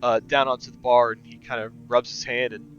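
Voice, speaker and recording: A man's voice: mid-range voice, a little fast, clean tone, faint music behind. Laid-back male game master, muffled audio. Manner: relaxed, lots of filler "uh"s. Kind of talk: narrating a tabletop game.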